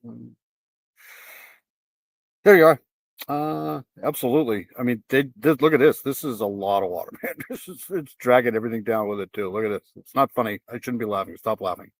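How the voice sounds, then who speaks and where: A man's voice: medium pitch, brisk, vocal fry, no echo. A man hosting a live stream, reacting to video clips with repeated exclamations, curses and nervous laughter.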